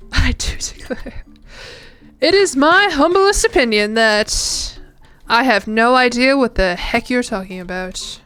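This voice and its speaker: A woman's voice: a little high, lively intonation, slow pace, long pauses, fairly bright tone, clear, resonant tone. A woman putting on a drawling old Southern belle. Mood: mock-genteel. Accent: put-on old Southern. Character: genteel old Southern bayou woman, mock-formal.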